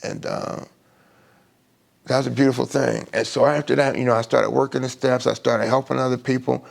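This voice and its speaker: A middle-aged man sharing his recovery story in an emotional personal testimony on a live stream, halting often and restarting his sentences. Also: mid-range voice, little pitch movement, vocal fry. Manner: halting, with many restarts and fillers.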